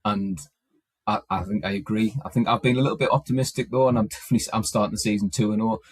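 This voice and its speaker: A man co-hosting a sports podcast over a video call, talking haltingly with many restarts. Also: on the low side, fairly even intonation, breathy edge. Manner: hesitant, lots of restarts. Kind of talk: casual sports chat.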